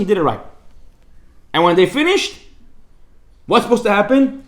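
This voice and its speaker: Rabbi teaching a class, talks fast, keeps doing little voices and laughing. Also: male voice, high-pitched. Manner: animated, acts out voices, laughs often. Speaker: rabbi giving a Torah class. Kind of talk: lively Torah class to a live group. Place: synagogue study hall.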